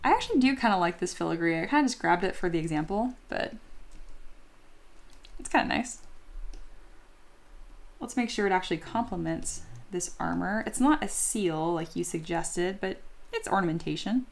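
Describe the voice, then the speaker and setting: A woman's voice: lowish voice, animated, moderate pace, creaky, long pauses. A woman teaching 3D sculpting on a live stream, chatty and self-deprecating, laughing often and reading viewer comments aloud. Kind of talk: casual live-stream tutorial.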